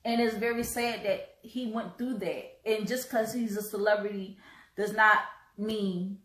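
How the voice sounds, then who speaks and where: Slow-talking woman host in an echoey room. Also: medium pitch, fairly even intonation, fairly bright tone. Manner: earnest, halting, repeats words. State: choked up, coughing. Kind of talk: live-stream commentary.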